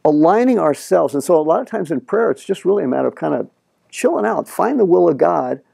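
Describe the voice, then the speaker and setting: A middle-aged male pastor preaching a sermon in an animated way, acting out the prayers he quotes. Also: on the high side, fairly quick, vocal fry, husky, dry recording, clean studio sound.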